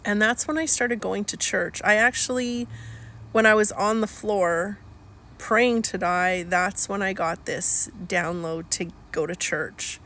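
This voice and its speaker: A middle-aged woman speaking candidly in a personal video, slow and searching, rambling with fillers. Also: mid-range voice, fairly bright tone. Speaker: healing coach.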